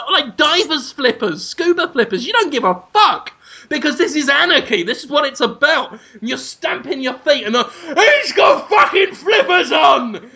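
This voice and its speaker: A man's voice: very high voice, dull audio. A man, a podcast co-host telling a crude comic story with energy. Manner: energetic, crude, hums tunes. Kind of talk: comedic storytelling chat.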